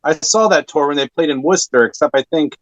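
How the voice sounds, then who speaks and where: A man hosting a podcast, asking relaxed, hesitant questions with lots of ums. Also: a little high, fast talker, no room sound. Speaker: podcast host. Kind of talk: casual interview. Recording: dull lo-fi sound.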